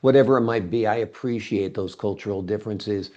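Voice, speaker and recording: A man hosting an interview and chatting in a relaxed, agreeable way. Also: on the low side, fairly quick. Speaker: interview host. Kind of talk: casual conversational interview. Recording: dull lo-fi recording.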